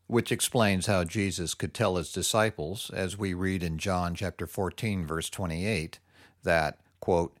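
A man co-hosting a Bible discussion, speaking deliberately and summarizing points. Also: low-pitched, fairly even intonation, no echo, studio quality. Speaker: co-host. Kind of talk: scripted theological dialogue.

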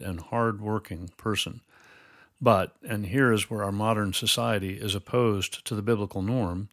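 A man teaching Bible doctrine in a measured, explanatory way, quoting scripture formally. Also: fairly low pitch, no echo, clean studio sound. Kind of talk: scripted theological dialogue.

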